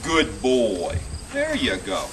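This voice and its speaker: A man's voice: mid-range voice, slow, recorded from a distance. Soothing male horse trainer outdoors. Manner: calm, soothing, repeats praise. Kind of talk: instructional commentary while working. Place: outdoor pen. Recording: outdoors with loud insect noise.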